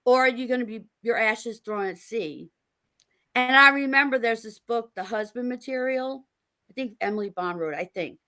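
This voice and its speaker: A middle-aged woman, a guest author on a podcast, tells stories in a lively, laughing way and acts out the people she quotes. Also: fairly high pitch, normal speed. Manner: animated, laughing storyteller acting out quotes. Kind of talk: casual interview storytelling.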